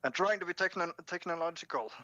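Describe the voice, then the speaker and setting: A friend joining a livestream by voice call, relaxed and joking in casual chat. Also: medium pitch, fast talker, muffled recording.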